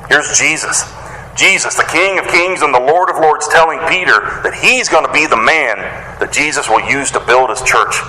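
A man's voice: on the high side, lively intonation, normal speed, pushed and bright. A man preaching a sermon as pastor, earnest and emphatic, building his points through repeated phrases. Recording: echoey hall, faint noise.

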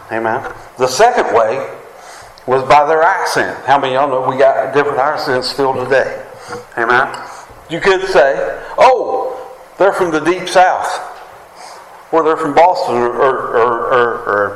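A man's voice: mid-range voice, fairly bright tone, slight background noise. A man with a West Virginian accent preaching a sermon as pastor, often asking the congregation "Amen?". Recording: echoey room with faint ambience.

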